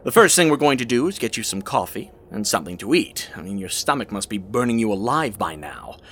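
A man's voice: very animated, fairly quick, fairly bright tone, husky, full character voice. An actor playing a chatty, needling male villain who mocks and teases in an audio drama. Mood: soothing. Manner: mocking, chattering, theatrical swings in pitch.

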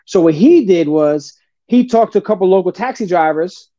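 A high-pitched man from New Jersey guests on a talk show, billed as a podcast guest, telling casual stories at normal speed. He's animated, swears, uses street slang, and says "bro" constantly, in a dull, lo-fi, dry recording.

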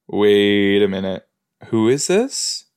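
A man with a lowish voice talks through an episode as a casual watch-along. He speaks slowly and thinks aloud. He is chatty and joking, with plenty of filler words. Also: big pitch swings, a little mellow, clean tone. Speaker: podcast host.

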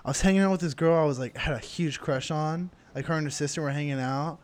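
A man's voice: fairly high pitch, fast. A young man co-hosting a casual podcast, laughing a lot and acting out voices as he tells stories. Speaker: podcast co-host. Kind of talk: casual storytelling chat.

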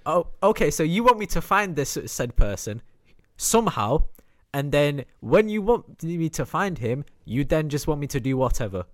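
A man playing a soft, patient young husband. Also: on the high side, sing-song, moderate pace, dry recording.

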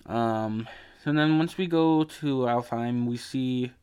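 Male podcast host, sleepy and yawning; slow, smooth delivery; rambling, profane game recap. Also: medium pitch, darkish tone. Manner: rambling, swearing, many fillers and restarts. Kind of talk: casual video game story recap.

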